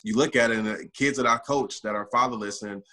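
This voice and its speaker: This podcast guest, a motivational speaker, offers earnest, reflective interview talk rooted in personal experience. His medium-pitched voice is steady yet pushed and bright, at a quick pace.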